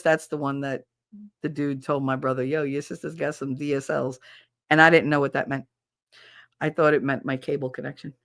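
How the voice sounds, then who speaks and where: Thirties woman streamer, low-ish voice, swearing storyteller, dry close sound. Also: dry recording. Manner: chatty storyteller, swears freely, laughs often. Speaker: livestreamer. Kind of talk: casual chat with viewers.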